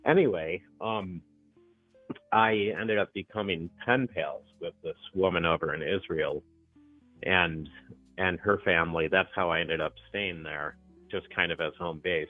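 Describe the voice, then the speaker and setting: A middle-aged man calls in to a talk show and tells his story in a chatty, animated way, laughing often. His voice sits on the low side. It comes over a tinny phone line that sounds dry, with faint music behind. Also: a little slow, no room sound. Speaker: caller. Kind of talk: casual phone call-in chat.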